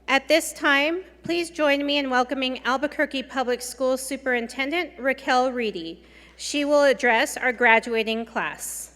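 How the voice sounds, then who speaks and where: A woman emceeing a graduation ceremony, making crisp, formal introductions. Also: high-pitched, a little slow, a bit bright, a little hiss or hum. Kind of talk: formal announcing. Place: large hall at a graduation ceremony. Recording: long hall reverb, crowd murmur.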